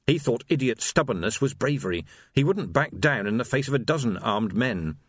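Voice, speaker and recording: A man narrating an audiobook in an expressive, wry storytelling voice. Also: medium pitch, normal speed, husky, no echo, clean studio sound. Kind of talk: scripted narration.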